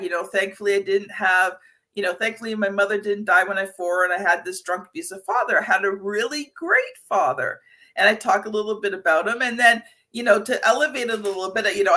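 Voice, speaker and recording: A woman's voice: medium pitch, sharp tone. A middle-aged woman hosting a podcast interview, chatty and anecdotal with many fillers. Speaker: podcast host. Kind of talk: conversational interview.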